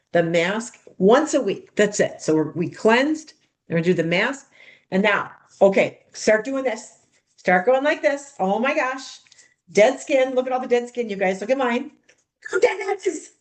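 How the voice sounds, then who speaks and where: A woman coaching others how to run a skincare party, demonstrating steps in a bubbly, chatty way and calling the group "you guys". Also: mid-range voice. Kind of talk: hands-on demonstration talk.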